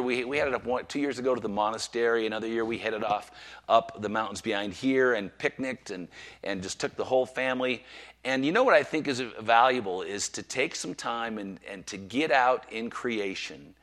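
A man's voice: medium pitch, fairly bright tone. Man preaching a sermon. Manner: preaches with congregation call-and-response, slowing on scripture. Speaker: pastor.

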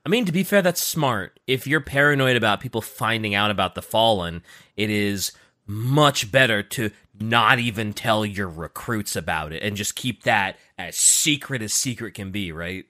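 A man's voice: on the low side, lively intonation, moderate pace, sharp tone, no echo, clean studio sound. A man chatting casually and joking enthusiastically on a podcast about game lore. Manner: jokey, enthusiastic, playful.

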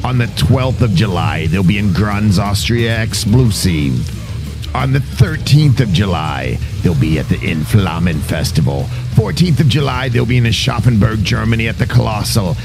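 A man reading a scripted tour promo, listing dates in a steady delivery. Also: fairly low pitch, moderate pace, gravelly. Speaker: tour announcer. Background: music.

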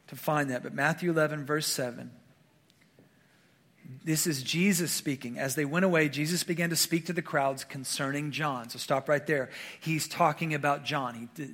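A man's voice: fairly high pitch, fairly bright tone. A male pastor preaching a sermon in a conversational way, often checking in with the congregation with questions. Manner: frequent fillers and restarts.

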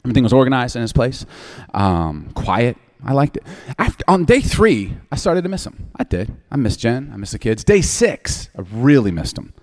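A man's voice: medium pitch, big pitch swings, normal speed. A man in his forties, a pastor telling a funny, candid personal story in a sermon and often laughing. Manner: humorous, self-deprecating, candid.

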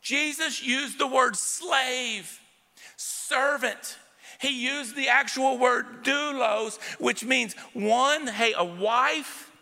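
Emphatic preacher with a bright, gravelly voice. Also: male voice, very high-pitched. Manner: emphatic, direct calls to the congregation. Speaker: pastor. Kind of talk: sermon. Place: church sanctuary with a live congregation. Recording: long church hall reverb.

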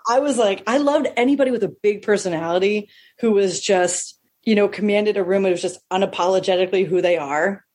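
A woman telling stories in a casual chat, animated and quick to laugh, acting out what people said in raised voices. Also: husky. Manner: animated, acts out quotes in high voices, laughs often.

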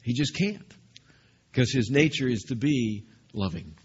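A man's voice: medium pitch, lively intonation, measured pace, breathy edge, dull audio. A male pastor delivering a sermon, emphatic and repetitive, questioning the congregation.

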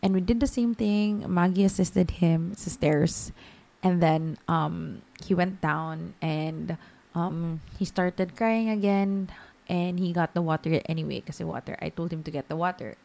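A woman's voice: lowish voice, unhurried, vocal fry, dark tone. A woman in her thirties with a Filipino accent, hosting a podcast and telling a story in a chatty way, with Tagalog words mixed into her English. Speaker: podcast host. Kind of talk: casual storytelling monologue.

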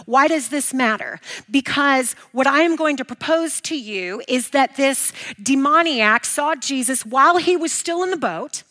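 Woman, bible teacher, fairly high pitch, emphatic, rhetorical questions. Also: lively intonation, measured pace, hardly any pauses, sharp tone. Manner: emphatic, repeats key points, asks and answers own questions.

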